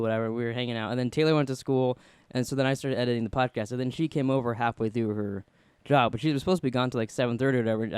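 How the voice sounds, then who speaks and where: A man hosting a podcast, telling a story in a casual, animated way and acting out the people he quotes. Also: mid-range voice, smooth, dry recording. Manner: animated, acts out quoted voices. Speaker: podcast host.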